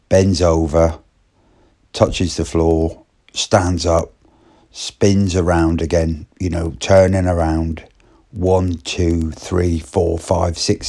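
Man, deep voice, slow and rambling, casual storyteller. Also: a little mellow. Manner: rambling, repetitive restarts.

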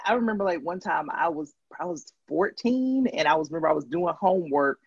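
Casting: high, husky man, lively storyteller, dull dry lo-fi recording. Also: fairly quick, dry recording. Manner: animated storyteller, laughs often, acts out quotes. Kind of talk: casual conversation.

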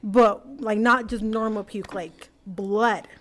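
A woman's voice: medium pitch, fairly even intonation, takes it slowly. A young adult woman telling a personal story as a podcast guest, casual and full of fillers like "like" and "you know.".

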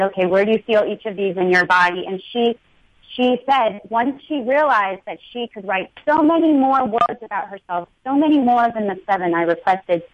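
A woman's voice: mid-range voice, dry recording, highs cut off. A woman guest on a talk show speaks earnestly and in an uplifting tone about spirituality, with some fillers.

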